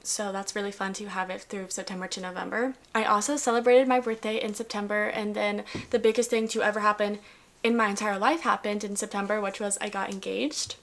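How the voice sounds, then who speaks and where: A woman's voice: medium pitch, steady tone, a little fast, fairly bright tone. Bubbly young woman vlogger chatting. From US South. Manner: bubbly, upbeat, lots of "like" fillers. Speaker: lifestyle vlogger. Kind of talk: casual chatty vlog recap.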